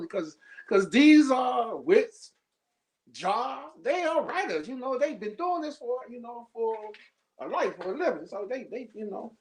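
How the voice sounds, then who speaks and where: Male poet, high voice, animated storyteller, casual. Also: normal speed. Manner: animated storyteller, acts out quotes. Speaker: poet, workshop student. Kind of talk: casual chat.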